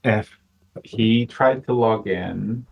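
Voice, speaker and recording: A man's voice: fairly low pitch, takes it slowly, gravelly, highs cut off. A man leading a game playtest over a voice call, laid-back and joking, swearing casually. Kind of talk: casual voice chat.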